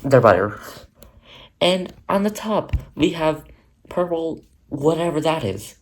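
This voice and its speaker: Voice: medium pitch, very animated, slow pace, slight background noise. A crafting vlogger narrating their own paper project in a rambling, chatty, self-mocking way. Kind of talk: casual narrated crafting vlog.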